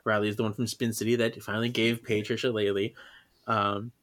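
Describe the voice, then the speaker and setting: A man's voice: on the low side, little pitch movement, brisk, fairly bright tone. Giggly male podcast host. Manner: chatty, laughs often, leads the segments. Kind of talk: casual chat.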